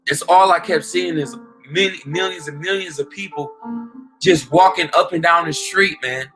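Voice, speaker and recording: A man gives an informal, emphatic street-style sermon with a slightly high voice. He drives each point home with repeated asides and questions. Soft music plays faintly underneath. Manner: emphatic, peppers talk with "man" and "okay?". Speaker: preacher.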